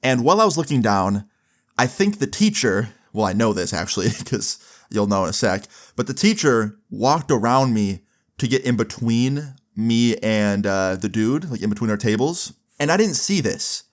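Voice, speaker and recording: A young man casually telling a story, with a relaxed, loose delivery full of fillers and some swearing. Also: medium pitch, moderate pace. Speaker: storyteller vlogger.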